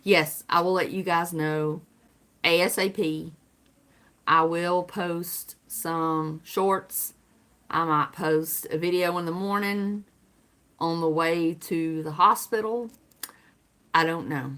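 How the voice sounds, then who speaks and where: A woman's voice: lowish voice, fairly even intonation, slow, fairly bright tone. A woman with a Southern US accent, chatting casually with viewers on her livestream and answering their comments. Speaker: livestream host.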